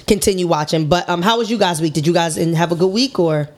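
A woman's voice: on the low side, fast talker, darkish tone. Young female podcast co-host, talkative and laughing, runs the chat. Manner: chatty, laughs often, leads the topics.

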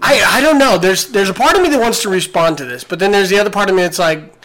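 A man's voice: high-pitched, animated, fast, a bit bright. A man co-hosting a podcast, swearing freely and joking at his own expense in casual chat. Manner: profane, self-mocking jokes. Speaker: podcast co-host. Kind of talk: casual comedic banter.

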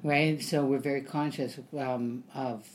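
Low-voiced woman telling theatre stories. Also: steady tone, a little slow, a little mellow, slight background noise. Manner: chatty storyteller with frequent ums, acts out quotes. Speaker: actor guest. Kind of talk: casual interview chat.

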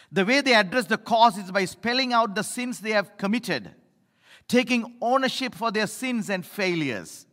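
A middle-aged male pastor preaching a sermon, emphatic, swinging between loud appeals and low asides, in a church. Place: church sanctuary. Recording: echoey hall reverb.

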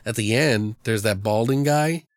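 A man's voice: lowish voice, measured pace, no room sound, clean studio sound. A man co-hosting a podcast, chatting casually about a movie in a rambling, profane way. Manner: rambling, profane, retells scenes in funny voices. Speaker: podcast co-host. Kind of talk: casual movie review chat.

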